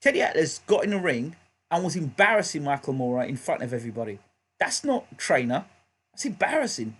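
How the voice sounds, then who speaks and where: Husky, emphatic man ranting. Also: a little high, very animated, a little fast, fairly bright tone. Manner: emphatic, repeats points heatedly. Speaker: boxing show host. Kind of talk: live reaction commentary.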